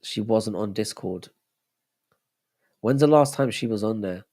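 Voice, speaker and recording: A man's voice: on the low side, a little slow, warm tone. A young man hosting a casual live stream, chatting loosely and answering viewers' messages as he reads them out. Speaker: livestream host.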